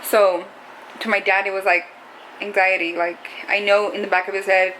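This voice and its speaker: A woman's voice: medium pitch, little pitch movement, moderate pace, a bit bright, slight background noise, low-quality recording. A young adult woman talking to camera in a casual, confessional vlog, rambling and saying "like" a lot. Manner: rambling, heavy use of "like". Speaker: vlogger.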